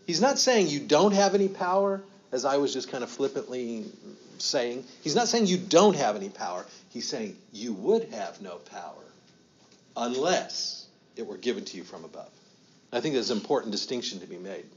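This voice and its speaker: A man teaching from scripture in an interactive study, asking questions and acting out the lines he quotes with rising emphasis. His voice sits at an ordinary pitch. The recording is slightly dull and lo-fi. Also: big pitch swings, normal speed. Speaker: pastor.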